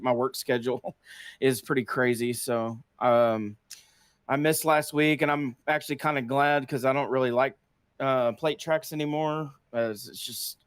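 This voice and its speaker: A man's voice: medium pitch, clear, resonant tone, no room sound, clean studio sound. A man being interviewed after winning a race, answering in an easygoing way with many fillers. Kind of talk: casual post-race interview.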